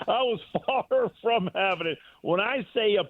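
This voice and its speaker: Calling into a show by phone, a middle-aged man who guests as a sports broadcaster rambles through an emotional story full of fillers and restarts. His voice sits high at a moderate pace, with a little hiss or hum on the dry, tinny line.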